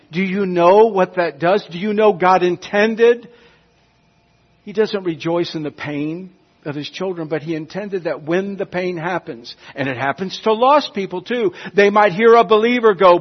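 A husky man delivers an emphatic sermon in a somewhat high voice. He swings from quiet, intimate lines to loud appeals. The recording sounds dull and lo-fi. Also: moderate pace. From United States. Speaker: preacher.

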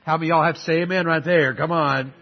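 Fiery preacher, high husky voice. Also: male voice, steady tone, fast, highs cut off. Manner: call-and-response preaching, shifting between loud exhortation and quiet earnest asides. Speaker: guest preacher. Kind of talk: sermon.

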